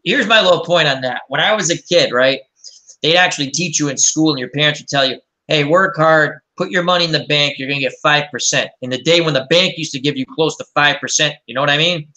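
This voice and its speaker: A man's voice: on the high side, quick pace, bright, forceful tone. A man hosting a casual chat and telling rambling, anecdotal stories. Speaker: host.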